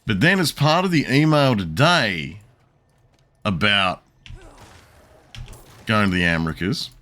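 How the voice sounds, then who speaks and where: Low-voiced, slow, rambling guy. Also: animated, sharp tone. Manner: rambling, profane, chuckling storytelling. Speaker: streamer. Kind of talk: casual chat while gaming.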